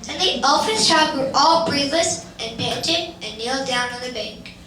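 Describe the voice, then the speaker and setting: An older woman narrating a children's tale in measured storybook style during an amateur stage musical. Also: high-pitched, animated, bright, forceful tone. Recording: echoey hall from far off, background noise.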